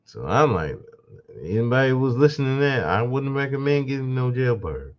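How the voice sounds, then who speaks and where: A man's voice: medium pitch, sing-song, brisk, lo-fi sound. A man hosting his own podcast, talking through a casual, sarcastic commentary monologue with mocking laughing asides. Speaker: podcast host.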